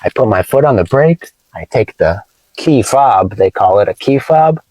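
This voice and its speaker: A man teaching English vocabulary from inside his car, playful and explaining slowly with examples. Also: fairly low pitch, expressive, darkish tone, dry recording, low-quality recording. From United States. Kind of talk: casual teaching vlog.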